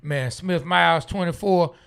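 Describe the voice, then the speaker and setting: A man talks sports in a loose, lively way and breaks into laughs often. His voice sits a little high and sounds bright and forward. He riffs and jokes with his co-host. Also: unhurried, creaky, clean tone. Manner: animated, laughs often, drawling Southern slang. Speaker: podcast co-host. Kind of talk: casual sports talk.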